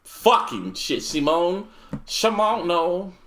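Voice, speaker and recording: A man's voice: high voice, sing-song, slow pace, fairly bright tone. A man co-hosting a podcast, chatting casually with friends and telling rambling, profane stories. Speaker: podcast co-host. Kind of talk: casual chat.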